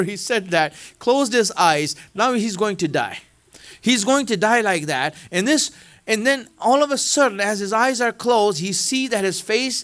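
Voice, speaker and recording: A man preaches with a high-pitched voice, telling his story as if talking to friends. He keeps it conversational, with fillers and plain words. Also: fairly bright tone. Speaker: religious speaker. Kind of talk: sermon.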